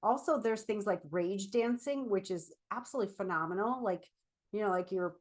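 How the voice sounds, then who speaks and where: A middle-aged woman therapist giving a casual, animated talk while standing up. She fills her speech with "like" and "right?". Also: mid-range voice, moderate pace. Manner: chatty, animated, with frequent "like" and "right?"; speaking while standing and moving about. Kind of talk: casual explanatory vlog talk.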